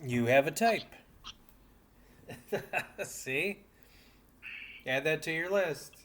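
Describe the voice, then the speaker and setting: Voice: mid-range voice, animated, drawn-out words, a bit bright. A podcast co-host in casual chat, chiming in with short, supportive replies. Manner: brief supportive interjections.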